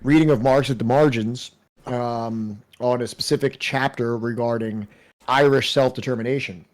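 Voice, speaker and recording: A man's voice: medium pitch, fairly even intonation, normal speed. A male livestream host with an everyday mid-range voice. He chats loosely, leaning on fillers and laughing often as he greets viewers. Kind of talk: casual livestream chat.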